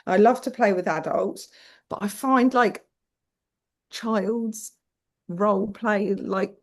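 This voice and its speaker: A woman's voice: mid-range voice, slow pace. A British woman guest telling parenting stories frankly, swearing casually and acting out quoted voices. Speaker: podcast guest. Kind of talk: candid conversational storytelling.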